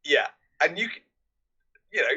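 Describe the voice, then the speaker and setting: A man's voice: a little high, animated, moderate pace, pushed and bright, husky. Male co-host, conversational, tag-question habit, muffled lo-fi audio. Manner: adds tag questions, chatty. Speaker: podcast co-host. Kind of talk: casual film discussion.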